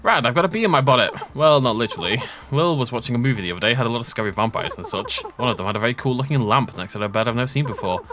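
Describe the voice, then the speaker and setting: A man voicing a chatty, excitable villager character who asks a favour. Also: medium pitch, very fast, few pauses, background noise, lightly acted.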